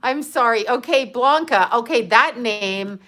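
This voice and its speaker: A woman's voice: on the high side, lively intonation, measured pace, sharp tone. Middle-aged woman, livestream host, chatty, laughs a lot, casual swearing, phone mic. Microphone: handheld phone.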